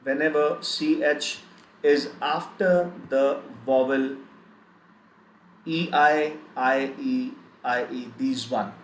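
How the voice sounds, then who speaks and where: A man teaching a live online German pronunciation lesson, spelling out letters and repeating sounds in slow drills. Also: medium pitch, steady tone. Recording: echoey room with faint background noise.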